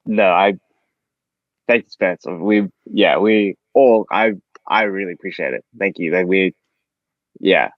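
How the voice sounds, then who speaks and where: A man is a guest on a casual podcast, often tripping over his words and restarting. His voice is low, and the recording is dry and slightly dull, with the top end rolled off. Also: unhurried, long pauses, no echo. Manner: stumbling, restarting, self-interrupting. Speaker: podcast guest, band member. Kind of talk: casual interview chat.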